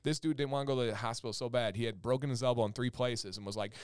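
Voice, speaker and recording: A man in his thirties co-hosting a parenting podcast, telling stories with animated quoted voices and the odd swear word. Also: mid-range voice, racing, clear, resonant tone, no room sound, clean studio sound. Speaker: podcast co-host. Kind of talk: casual chat.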